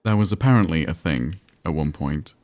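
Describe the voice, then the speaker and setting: A man's voice: rumbling low, lively intonation, normal speed, a little mellow. A man streaming a game, chatting and rambling while reading chat aloud. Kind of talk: casual live-stream commentary.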